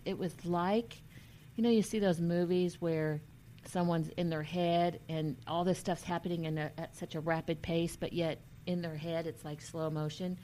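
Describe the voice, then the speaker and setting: A woman earnestly telling a personal story in a halting way, with many restarts, and at times emotional and near tears. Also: lowish voice, a little mellow, a little hiss or hum. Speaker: vlogger.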